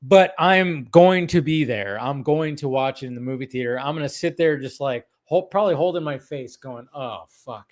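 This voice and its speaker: A man hosting a casual film chat, excitable and swearing freely. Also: on the high side, normal speed, few pauses. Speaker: podcast host.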